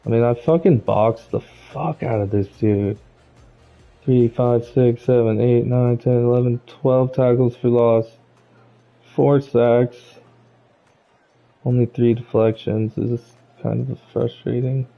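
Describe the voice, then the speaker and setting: A man's voice: medium pitch, fairly even intonation, slow, vocal fry, highs cut off, faint music behind. Profane, fuming man ranting over gameplay. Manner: angry, profane ranting, rising to shouts at plays. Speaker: streamer playing a football video game. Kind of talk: live gameplay commentary.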